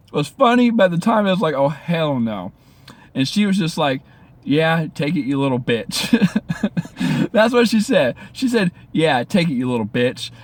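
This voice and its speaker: A man with a slightly higher-than-average voice tells a personal story straight to camera. He keeps checking in with "right?" and swears without a second thought. When he gets excited he stumbles over his own words and restarts. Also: dry recording. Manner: animated, swears freely, keeps asking "right?". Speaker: vlogger telling a personal story.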